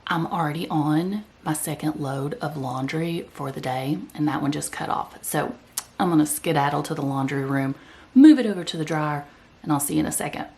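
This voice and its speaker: Her voice sits low with a darkish tone and moves at normal speed as she chats to the camera. The vlog wanders freely, and she occasionally eats mid-sentence.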